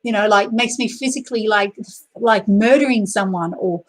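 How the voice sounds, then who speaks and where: An Australian woman with a medium-pitched voice chats casually on a live video she hosts as a YouTuber, speaking at normal speed and rambling with lots of fillers and restarts while greeting viewers by name. The recording is rough.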